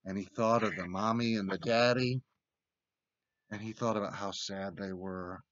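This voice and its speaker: A man giving a children's sermon in gentle, simple words, reading a storybook aloud. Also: on the low side, steady tone, normal speed, dry recording, lo-fi sound. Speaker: church children's sermon leader. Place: church, recorded remotely.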